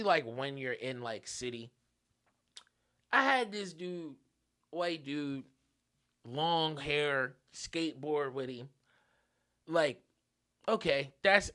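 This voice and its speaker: A young man hosting a podcast, telling a story in an animated, profane, casual rant. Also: on the high side. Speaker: podcast host.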